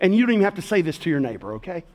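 A middle-aged man preaching as pastor to a congregation in a church, swinging between loud calls and hushed words. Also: high voice, very animated, rapid-fire. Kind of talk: sermon. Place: church sanctuary. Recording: long hall reverb.

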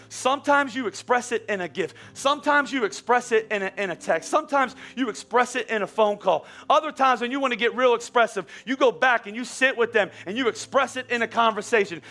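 A middle-aged man preaching a sermon as pastor, conversational and animated, at times rising to near-shouts. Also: extremely high pitch.

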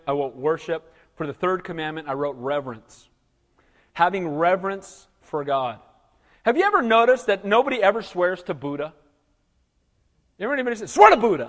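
A man with a notably high voice preaches a sermon with animated, conversational energy, often checking in with his listeners. His voice carries a long reverb, as if in a large church sanctuary. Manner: animated, conversational preaching with frequent "Amen?" calls. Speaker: pastor.

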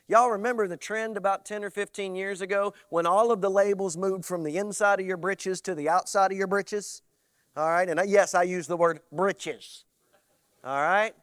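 Man, pastor, animated preaching, high voice, dry close sound. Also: no echo. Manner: animated preaching with mock voices, swinging loud to soft. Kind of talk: sermon.

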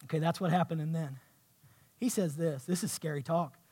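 Man, pastor, fervent sermon, high-pitched voice, soft to shouting. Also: fairly quick, breathy edge. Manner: impassioned preaching, swinging from soft to shouting. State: sweating. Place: church.

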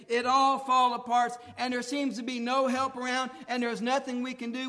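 A man preaching a sermon in a colloquial, folksy way, swinging between hushed tones and shouting as he acts out dialogue. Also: very high-pitched. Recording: long hall reverb.

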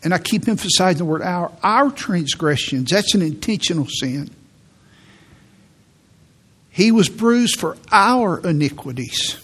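Man, pastor, church sermon, slightly raised pitch, drawn-out emphatic phrasing. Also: lively intonation, a bit bright, breathy edge. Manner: slow, emphatic preaching with repeated key words. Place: church sanctuary.

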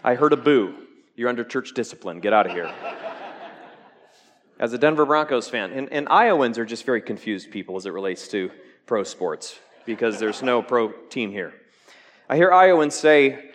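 A man preaching a sermon to his church, joking with the congregation and swinging from loud peaks to hushed lines. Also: medium pitch, expressive, normal speed, in a large hall. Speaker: pastor.

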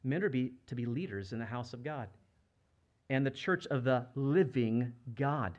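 A man's voice: mid-range voice, lively intonation, normal speed, darkish tone, lo-fi sound. A man preaching a sermon as a pastor, speaking conversationally and asking the congregation rhetorical questions. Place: church.

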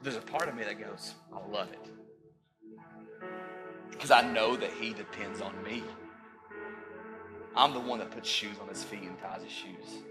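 A man in his thirties preaching a sermon as pastor, rising to loud peaks and dropping into joking asides. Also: lowish voice, moderate pace, over music.

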